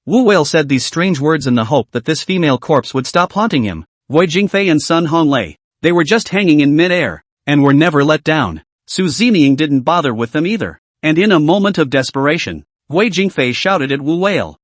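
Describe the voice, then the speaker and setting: A man's voice: a little high, expressive, normal speed, few pauses, no room sound. Guy narrating a manhwa recap, dramatic, dry close sound.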